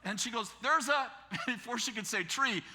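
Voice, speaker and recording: A man in his fifties with an American accent, a pastor telling a story in a sermon, animated and laughing as he acts out the other people in it. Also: high voice, moderate pace, noisy background. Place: church sanctuary.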